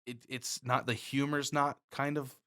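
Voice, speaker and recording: A man's voice: mid-range voice, flat delivery, moderate pace, bright, forceful tone. Laid-back swearing man, casual podcast. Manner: laid-back, swears often, laughs easily. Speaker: podcast co-host. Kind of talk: casual chat.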